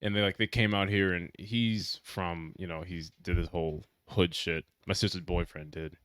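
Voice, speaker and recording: Low-voiced young man, laid back. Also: fairly even intonation, normal speed, a bit bright, clear, resonant tone, no echo. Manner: laid-back, agreeable, swears casually. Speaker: podcast co-host. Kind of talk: casual chat.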